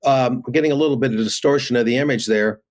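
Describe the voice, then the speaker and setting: Man, news commentary, halting delivery, lots of ums, over a video call. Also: medium pitch. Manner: halting, many fillers and restarts. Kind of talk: remote news commentary reading sources.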